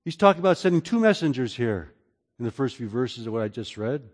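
A man preaching a sermon as pastor, moving between loud, emphatic lines and quiet, low passages. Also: sing-song, brisk. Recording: long hall reverb.

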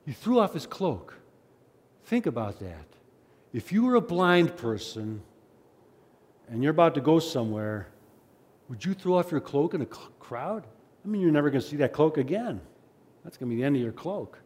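Male preacher, sermon, slightly high voice, animated delivery, long hall echo. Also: moderate pace, long pauses. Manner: animated, acts out the crowd's and beggar's cries; conversational asides. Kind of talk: sermon with scripture reading.

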